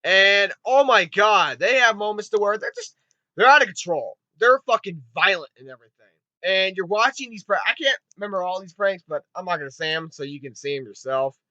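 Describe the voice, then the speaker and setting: A man giving a rambling, excitable spoken movie review, swearing often and retelling scenes with quick put-on voices. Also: high voice, no room sound, highs cut off. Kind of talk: casual spoken film review.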